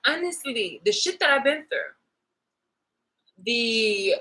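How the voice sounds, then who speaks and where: A woman's voice: fairly high pitch, expressive, slow, long pauses, pushed and bright, poor audio. A woman vlogging in a heated, profane monologue rant, restarting and repeating her phrases as she talks.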